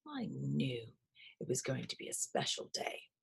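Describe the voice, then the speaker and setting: A woman voicing a calm, kindly male toy bear in a storybook reading, speaking softly and hushed. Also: high-pitched, drawn-out words, voice pushed up. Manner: soft and hushed.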